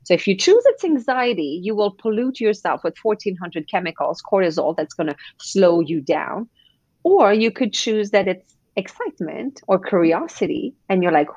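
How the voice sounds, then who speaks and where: A woman's voice: medium pitch, expressive, moderate pace, darkish tone, breathy edge, dry recording, dull audio. A woman coach being interviewed on a podcast. She speaks animatedly and acts out quoted voices. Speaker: guest coach.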